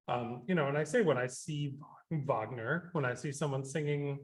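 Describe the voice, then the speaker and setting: Man, composer, radio interview, rambling, filler-heavy, animated. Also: on the high side, moderate pace. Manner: rambling, many fillers and restarts; animated when quoting himself.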